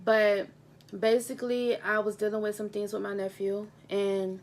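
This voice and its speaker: Sitting at a table at home, a young adult woman who teaches speaks in a casual mukbang-style vlog, earnest and heartfelt, repeating points for emphasis. Her voice is medium in pitch with little movement, at a normal speed, picked up by a handheld camera mic.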